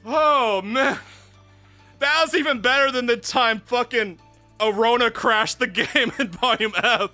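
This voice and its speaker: A man streaming live, reacting to a game, excitable and breathless from laughing hard, swearing often. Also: extremely high pitch, takes it slowly, long pauses. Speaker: VTuber streamer. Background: faint background music.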